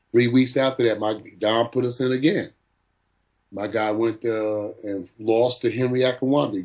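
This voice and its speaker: A man's voice: medium pitch, a little mellow, low-quality recording. A middle-aged man, a boxing trainer, telling stories in an interview and acting out the people he quotes. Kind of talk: storytelling in an interview.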